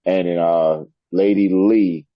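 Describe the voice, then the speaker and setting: A middle-aged man, a wrestler guest in an interview, telling animated stories and laughing often. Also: sits low, slow pace, no room sound. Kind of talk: storytelling interview. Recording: dull lo-fi sound.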